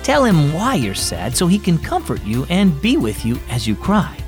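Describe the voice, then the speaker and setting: A man's voice: a little high, wildly swooping pitch, moderate pace, soft background music. A man narrating a scripted children's devotional story and speaking directly to young listeners. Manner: warm teaching tone for children.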